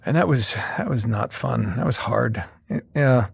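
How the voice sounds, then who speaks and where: A middle-aged man chatting as an interview guest, his pitch swinging widely as he tells stories. The voice has a gravelly edge and the sound is dry and close. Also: unhurried, dry recording. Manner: animated storyteller, many restarts. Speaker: guest voice actor. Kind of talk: casual interview chat.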